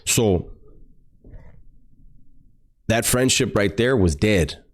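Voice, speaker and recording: A man's voice: fairly low pitch, expressive, extremely slow. A man recounting a personal story as a podcast guest, blunt and profane, full of street slang.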